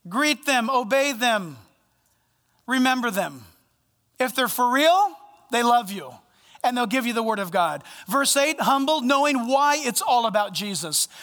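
A male pastor preaching a sermon, animated and playful, swinging between loud bursts and hushed asides. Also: very high voice, measured pace, long reverb tail. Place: church sanctuary.

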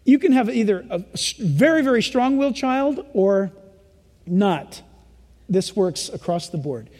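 A male pastor preaching a sermon in an animated style, acting out parents and children as he goes. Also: high voice, a little slow, long reverb tail.

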